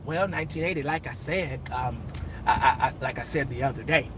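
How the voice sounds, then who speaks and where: A man's voice: medium pitch, background noise, pitched below the performer's own voice, natural voice. A man impersonating a rambling, evasive old team owner. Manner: halting, stammering, repeats himself.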